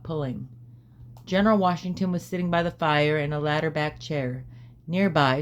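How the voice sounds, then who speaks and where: A woman calmly narrating a storybook as an audiobook reader, in a measured way. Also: low-pitched, slight background noise.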